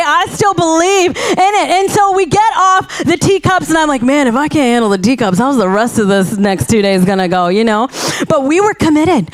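Very high-voiced animated woman preacher. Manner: animated storytelling with emphatic repetitions. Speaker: pastor. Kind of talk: sermon.

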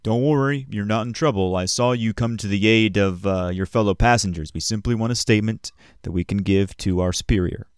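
A man's voice: lowish voice, a little fast, few pauses, clean tone, no echo, studio quality, lightly acted. A man voicing a male train guard who questions passengers in a formal, businesslike way.

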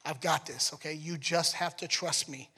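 A preacher acting out a calm, patient male teacher, speaking softly and low to reassure a friend. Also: normal speed, slightly rough, long reverb tail. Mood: patient gentle.

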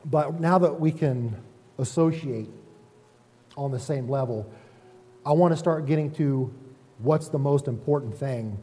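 Folksy pastor preaching in a reverberant hall. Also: male voice, mid-range voice, a little slow, pauses often, dark tone. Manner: folksy, self-deprecating, talks to the congregation with frequent "right?". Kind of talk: conversational sermon.

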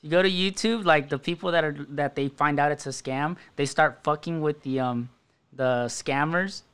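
A man's voice: fairly high pitch, moderate pace, a bit bright, clean tone. A man co-hosting a podcast, telling stories in a loose, profane, laughing way. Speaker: podcast co-host. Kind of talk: casual chat.

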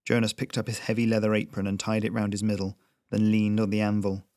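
Low voiced guy reading a story slow and steady, dead dry sound. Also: dry recording. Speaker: narrator. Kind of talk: scripted storybook narration.

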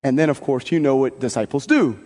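A man preaching a homily as a priest, in a conversational and animated way with folksy asides. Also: mid-range voice, a little fast. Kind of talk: sermon. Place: church. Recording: long church reverb.

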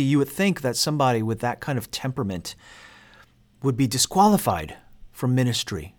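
A man in his forties, a seminary instructor, giving a lecture and telling his own story of being called, earnest and self-deprecating. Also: medium pitch. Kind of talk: personal testimony in a lecture.

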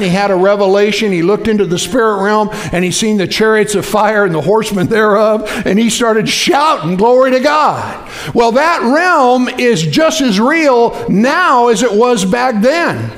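A man preaching a sermon as pastor, in a folksy, conversational way full of fillers that builds up into shouted emphasis. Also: very high voice.

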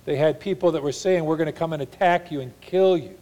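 A man with a slightly high voice delivers a sermon as a pastor, sincere throughout. Key lines come slower and softer, and he paraphrases using mock voices.

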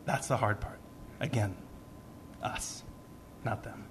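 A man's voice: fairly low pitch, slow pace, background noise. A man reading a personal story to a live audience, acting out the voices he quotes. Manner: animated, acts out quoted voices.

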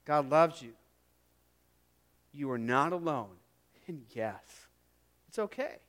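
Middle-aged male pastor mid-sermon; high, resonant voice, earnest and emphatic, with quiet drops for emphasis. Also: animated, slow. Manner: earnest, emphatic, drops to a hush on key phrases, repeats words.

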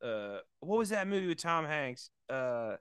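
A man's voice: on the high side, big pitch swings, measured pace, a bit bright, clear, resonant tone, dry recording, studio quality. A man co-hosting a podcast, riffing in profane, jokey casual chat. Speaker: podcast co-host.

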